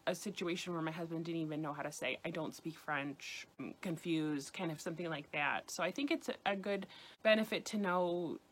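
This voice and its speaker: Woman, lowish voice, friendly language teacher who drills phrases by repetition. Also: slight background noise. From United States. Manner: chatty, repeats phrases slowly for practice. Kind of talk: casual spoken lesson.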